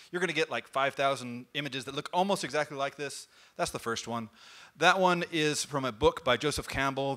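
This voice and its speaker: A man giving a comic storytelling talk, in an animated and playful way. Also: on the high side. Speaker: speaker at a nerd talk night.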